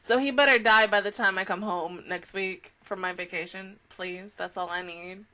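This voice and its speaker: A woman's voice: mid-range voice, steady tone, normal speed, sharp tone. A woman reacting to an anime in casual chat, swearing and emotional.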